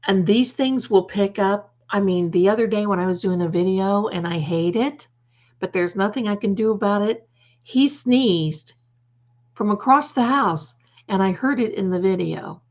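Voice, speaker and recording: An American woman hosts a live stream from home, casually reading viewers' comments and affectionately calling them darling. Her voice is medium-pitched at a moderate pace, and the recording has its highs cut off.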